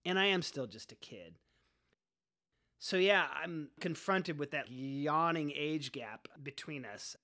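Young male storyteller, bright and slightly high, relaxed and slangy. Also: slow. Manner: laid-back, slangy, wry. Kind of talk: first-person storytelling monologue.

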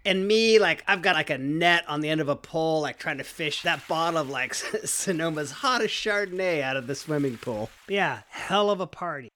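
A man's voice: on the high side, lively intonation, moderate pace, few pauses, bright, forceful tone. A man telling a long personal story in a casual, profane way, full of "like" and "you know". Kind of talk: first-person storytelling monologue.

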